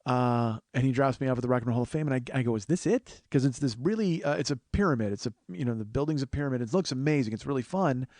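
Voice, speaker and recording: A man's voice: mid-range voice, rapid-fire, hardly any pauses, darkish tone, no room sound, clean studio sound. Wry, profane man telling a story. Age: 40s. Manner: profane, wry, acts out other people's voices. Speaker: podcast host. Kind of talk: solo storytelling monologue.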